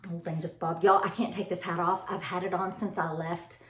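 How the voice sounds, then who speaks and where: A woman, chatting casually to camera about parenting. She tells stories in an animated way, laughs often and calls her viewers y'all. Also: fairly low pitch, brisk, a little hiss or hum. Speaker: mother vlogging about parenting. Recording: echoey room.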